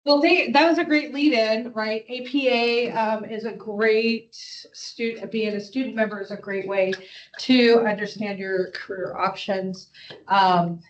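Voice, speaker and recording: A woman's voice: on the high side, fairly even intonation, unhurried, roomy sound. A woman psychology professor addressing a class informally, with hesitations and fillers. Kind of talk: classroom presentation. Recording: dull lo-fi room recording.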